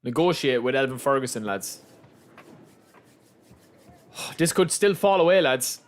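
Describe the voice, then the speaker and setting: A young Irish man giving chatty, excitable live commentary as he plays a game on stream, calling out to his viewers. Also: mid-range voice, unhurried. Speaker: gaming livestreamer. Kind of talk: casual live commentary over gameplay.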